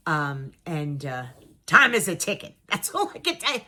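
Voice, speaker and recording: A woman's voice: low-pitched, normal speed. A middle-aged woman telling a personal story to her viewers in a casual, dramatic way, acting out what people said and repeating words for emphasis. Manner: animated, dramatic, acts out her own and others' lines.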